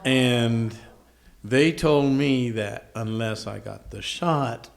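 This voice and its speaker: A man's voice: mid-range voice, slow pace, vocal fry. Matter-of-fact man adding to a testimony. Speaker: husband joining a church testimony. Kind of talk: conversational testimony.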